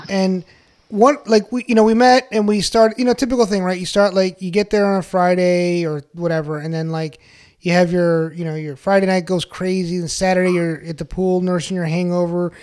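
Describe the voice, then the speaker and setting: A man's voice: sits high, flat delivery, brisk, darkish tone, clean tone. A man telling a story in casual podcast chat, rambling with lots of fillers and swearing.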